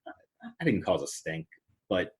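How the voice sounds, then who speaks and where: A man's voice: low voice, big pitch swings, moderate pace, a little mellow, husky. A man chatting as a podcast guest, telling work stories with frequent stammers and restarts. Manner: stammers and restarts, quotes customers. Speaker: podcast guest, movie theater manager. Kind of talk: casual storytelling chat. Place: podcast recording.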